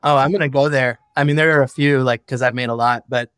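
A man's voice: medium pitch, steady tone, quick pace, fairly bright tone, clear, resonant tone, dry recording, clean studio sound. A man speaking as a podcast guest, a founder and father who talks frankly and reflectively and swears casually. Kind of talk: candid conversational interview.

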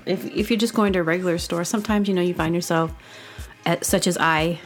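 A woman's voice: on the low side, fairly even intonation, quick pace, faint music behind. A woman hosting a show, talking in a casual, meandering monologue full of fillers and silly asides. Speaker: host.

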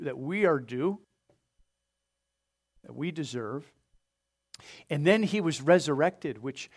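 A man pastor preaching a sermon, earnest, pressing his points hard and then letting them fall soft. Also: a little high. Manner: earnest preaching with rising emphasis and soft drop-offs; asks the congregation to open their Bibles.

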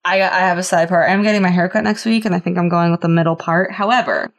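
A woman's voice: fairly low pitch, steady tone, quick pace. A young adult woman co-hosting a casual chat podcast, talking in a chatty way full of "like" and restarts. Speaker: podcast co-host.

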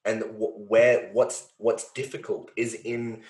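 A flat, slow, darkish and lowish male voice belongs to a podcast host in reflective conversation. Though the delivery is flat, he speaks earnestly and with feeling, thinking aloud with many fillers and a stray swear word, all in a roomy, echoing space.

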